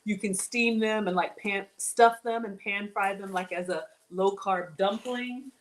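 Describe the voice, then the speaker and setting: A woman hosting a casual live cooking show from her home kitchen, her voice sitting at an ordinary middle pitch. She chats warmly to her viewers and calls them y'all as she cooks. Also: measured pace. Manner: chatty, upbeat, addresses viewers as y'all. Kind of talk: live-stream cooking demo, casual chat.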